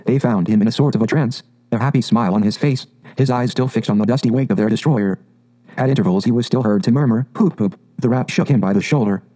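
A man reads a classic storybook aloud, measured and even. His voice is warm and mellow, pitched in a middle range. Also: poor audio. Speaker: narrator. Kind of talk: storybook reading.

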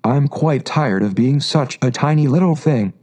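A man's voice: medium pitch, animated, normal speed, a little mellow, lightly acted. A man reading a storybook aloud and voicing a polite, curious little girl who speaks earnestly and a little plaintively. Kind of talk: audiobook reading.

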